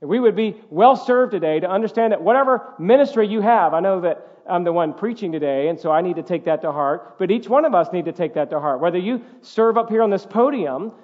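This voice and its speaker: A man preaches from the pulpit in a high voice, driving his points home with emphatic repetition. The sound is dull and muffled, carried by a long reverb through the church sanctuary. He speaks as pastor to his congregation. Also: lively intonation, fairly quick, hardly any pauses. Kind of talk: sermon.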